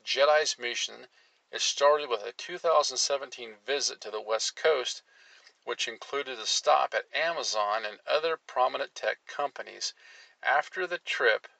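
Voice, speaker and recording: A man's voice: mid-range voice, gravelly, bright, forceful tone, no room sound, low-quality recording. A man hosting an opinionated commentary show, reading articles aloud and cutting in with sarcastic asides, his voice jumping up when he gets worked up.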